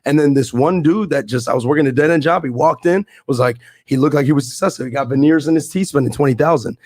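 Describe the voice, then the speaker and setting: A man's voice: fairly high pitch, a little mellow, dry recording, studio quality. A young man, a podcast guest, telling his story and explaining deals in emphatic, slangy casual talk. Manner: fast, emphatic, street slang. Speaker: podcast guest, real estate investor.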